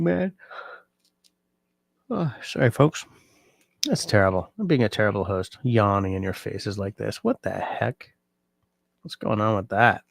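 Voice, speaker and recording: A sleepy, yawning man hosting a livestream, chatting casually and reading out viewer comments in a relaxed, rambling way. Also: fairly low pitch, gravelly, no room sound, studio quality. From Canada. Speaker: livestream host.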